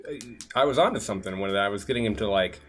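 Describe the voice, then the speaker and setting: A man playing a tabletop game, joking in an animated way. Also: on the low side, racing, soft background music. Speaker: player.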